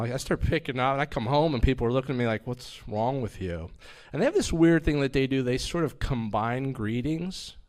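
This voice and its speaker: A man's voice: medium pitch, darkish tone, rough recording. A man in his fifties telling stories in a stand-up comedy set, rambling and hesitant, with a self-deprecating manner. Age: 50s. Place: small comedy venue.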